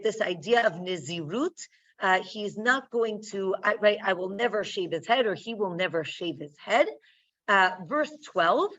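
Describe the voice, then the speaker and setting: A woman teaching a Bible text, explaining slowly and often checking in with "right?". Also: mid-range voice, fairly bright tone. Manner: slow, explaining, tags lines with "right?". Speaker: Torah teacher. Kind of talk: text-study lecture. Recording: distant, dull lo-fi recording.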